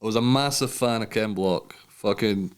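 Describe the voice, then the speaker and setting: A man's voice: fairly low pitch, normal speed, clear, resonant tone. A Scottish man, a podcast guest, telling his story in casual chat, swearing freely and acting out the dialogue as he goes. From Scotland.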